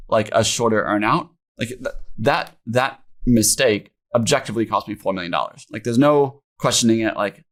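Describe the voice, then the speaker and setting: Young founder guy, kinda low voice, rambly with lots of "like", opening up on a podcast. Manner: informal, many fillers like "like" and "um", emotional retelling. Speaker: founder guest. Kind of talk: candid podcast interview storytelling.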